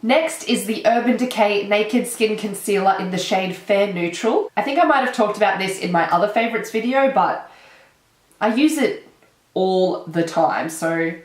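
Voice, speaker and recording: Young Australian woman, stuffy-nosed from a cold, chatty and excitable; mid-height voice in an echoey room. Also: medium pitch, moderate pace. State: nasal from a cold. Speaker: beauty vlogger. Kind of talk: casual chat.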